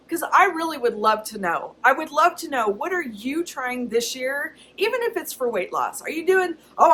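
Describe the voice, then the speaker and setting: A woman with a slightly high voice shares her thoughts in a casual, candid vlog. She laughs often and keeps it chatty. A faint background hiss sits under her voice. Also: fairly bright tone, low-quality recording. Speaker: vlogger.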